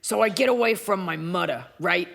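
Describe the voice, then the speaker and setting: A woman's voice: fairly low pitch, lively intonation, moderate pace, vocal fry, fairly bright tone, exaggerated voice. A woman voicing a grumpy, streetwise female cat who complains in tough, slangy talk.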